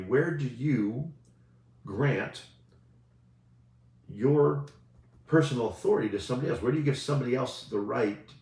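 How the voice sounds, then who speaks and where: A male coach giving a casual motivational talk, talking conversationally and often asking "right?" as he goes. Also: on the low side. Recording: roomy echo.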